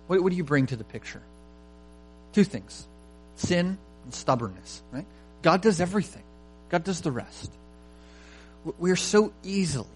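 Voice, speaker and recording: A man's voice: medium pitch, poor audio. A man preaching a sermon, reading scripture aloud and then explaining it with emphatic repetition. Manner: emphatic, repeating phrases for stress. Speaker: pastor.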